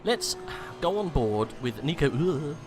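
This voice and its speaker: With a fairly high, very animated but unhurried voice, a man rambles through playful sim race commentary, full of fillers, calling positions and kidding around with his co-host. Music runs behind his voice.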